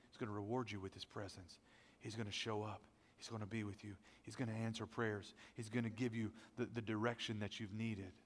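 A man preaching a sermon as pastor, energetic and conversational, with self-deprecating asides, and without a deep voice. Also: in a large hall. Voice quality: not a deep voice.

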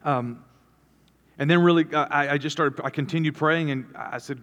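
A man's voice: on the high side, normal speed, fairly bright tone. A man preaching a sermon as a pastor, talking earnestly and rambling through restarts. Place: church auditorium. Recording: long hall reverb.

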